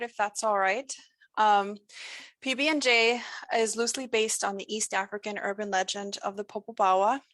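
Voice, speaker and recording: A woman reads her own fiction aloud over a video call. Her voice has a gravelly fry and sits at a middle pitch. The sound is dry, with no room around it. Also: no echo. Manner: hesitant intro with ums, then steady reading. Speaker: author reading her fiction. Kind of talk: prose reading.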